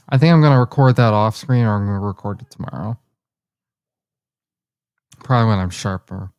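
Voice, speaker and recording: A woman's voice: a bass voice, fairly quick, pauses often, darkish tone, dry recording, studio quality. A woman streamer chatting casually to her viewers, blunt and profane, often talking to herself. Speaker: livestreamer. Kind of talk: casual live-stream chat.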